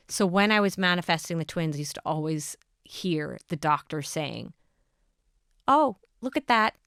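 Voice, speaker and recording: Thirtysomething woman coaching listeners, keeps asking questions, smooth clear voice, dry sound. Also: lowish voice, dry recording. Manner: earnest, repetitive prompting questions. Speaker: podcast host.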